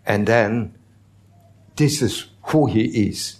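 Slow-preaching man pastor. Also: medium pitch, lively intonation. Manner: teaching, asks the congregation questions; non-native phrasing. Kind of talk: sermon.

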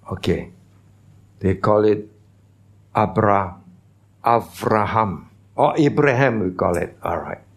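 Speaking at medium pitch, a male pastor preaches a sermon, teaching and posing questions to the congregation. His phrasing is non-native.

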